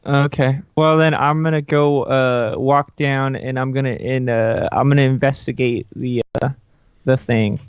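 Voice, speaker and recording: Halting male player, smooth resonant voice, lo-fi. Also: medium pitch, little pitch movement, no echo. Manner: halting, thinking aloud. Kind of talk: tabletop game play.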